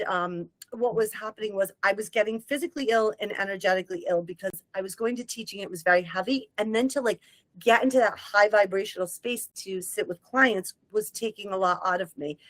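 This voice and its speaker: A woman, a medium, telling a personal story in casual conversation, emotional and animated, breaking into short sung lines. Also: mid-range voice, no echo, low-quality recording. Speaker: guest medium.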